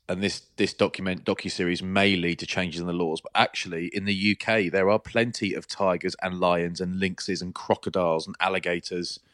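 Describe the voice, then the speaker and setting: Middle-aged male co-host, lowish voice, lively storyteller, dry recording. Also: dry recording. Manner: chatty storyteller, animated anecdotes. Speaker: podcast co-host. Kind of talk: casual chat.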